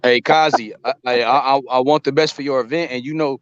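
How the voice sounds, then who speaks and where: A man's voice: medium pitch, fairly even intonation, brisk, clean tone, no room sound. A man on a group call, teasing and joking with friends, stumbling over his words in casual banter. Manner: teasing, joking, stuttering restarts. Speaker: guest on the call. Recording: dull, lo-fi call audio.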